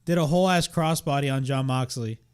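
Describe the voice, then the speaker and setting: A man's voice: medium pitch, fairly quick, clean tone. A young man hosting a wrestling watch-along, ranting in exasperation, swearing and repeating himself. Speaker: wrestling reaction host.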